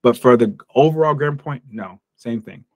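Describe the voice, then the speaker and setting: The clip features an American man giving a lighthearted online English lesson, breaking off to act out brief example conversations. His mid-range voice is a little mellow with a moderate pace, recorded in echo-free studio quality.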